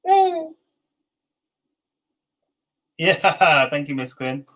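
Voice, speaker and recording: A man in his forties with an English accent, leading an online teacher training session with slow, clear dictation and encouraging feedback. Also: a little high, wildly swooping pitch, a bit bright, low-quality recording. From England. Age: 40s.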